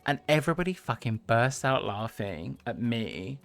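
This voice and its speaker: A man's voice: mid-range voice, sing-song, moderate pace, vocal fry, a bit bright, soft background music. A man in his thirties, a livestream host telling a story to his chat, talking casually and laughing often. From United Kingdom. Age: 30s.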